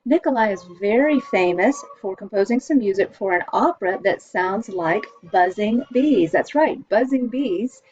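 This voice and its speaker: A woman's voice: mid-range voice, lively intonation, darkish tone, breathy edge, muffled recording. Cheerful American woman teaching kids music. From United States. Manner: cheerful, explains slowly for kids. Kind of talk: children's music lesson.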